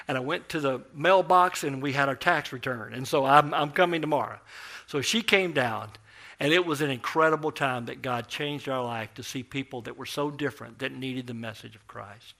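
A man preaches a sermon built around a story. His voice is bright, with a middle pitch. He acts out the people in his story with plenty of animation. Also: moderate pace, creaky.

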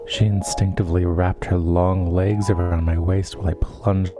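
Man, husky, low-pitched, podcast co-host, sultry reading, joking banter, music underneath. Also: level tone, moderate pace, hardly any pauses. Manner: reads erotic passages in a low sultry voice, then jokes with laughs. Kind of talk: casual banter, reading romance aloud.

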